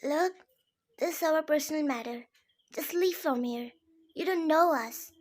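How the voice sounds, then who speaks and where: A woman doing a cruel haughty mother villain, very high voice. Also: a little slow, darkish tone. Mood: cold.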